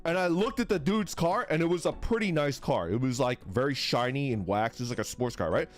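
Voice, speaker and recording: A man's voice: expressive, a little fast. A young man streaming and chatting casually, rambling and laughing, sometimes swearing as he tells stories. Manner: rambling, laughing, swearing, acts out voices in a high yell.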